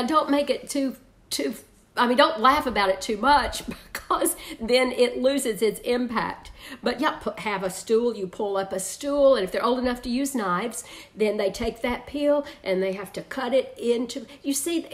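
A woman teaching an online parenting class, chatty, laughing often and reading out viewers' comments. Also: fairly high pitch.

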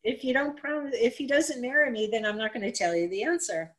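A woman storyteller voicing a bold, cheerful hag lady who speaks bluntly and demands her way, her voice sometimes lifting high. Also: fairly quick, lightly acted, low-quality recording. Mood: demanding.

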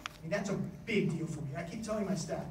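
A man giving a conference speech as an education official, telling stories in a lively way and acting out the voices he quotes. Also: high voice, fast, roomy sound, far from the mic, background noise. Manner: animated storytelling, acts out quoted voices. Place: conference hall.

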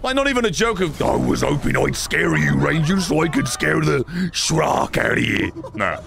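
A streamer riffs sarcastically at the game, mocking its characters as he plays. His voice is a little high for a man and very animated. He swings up and down as he reacts. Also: moderate pace, creaky, a crowd in the background. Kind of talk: live gameplay commentary.

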